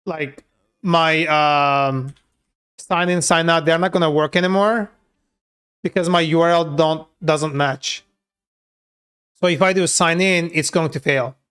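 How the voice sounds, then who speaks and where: Dude coding live, kinda high smooth voice, rambly, lots of "like", swears a bit. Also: male voice, steady tone, a little slow, pauses often, a bit bright. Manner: loose and chatty, many filler words, swears freely. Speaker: software developer streaming his coding work. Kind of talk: casual live coding session.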